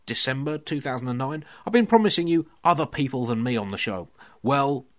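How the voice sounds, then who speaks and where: A man's voice: medium pitch, expressive, a little fast, a bit bright. Dry mock-serious male podcast host. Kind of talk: scripted comedy podcast monologue. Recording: music playing underneath.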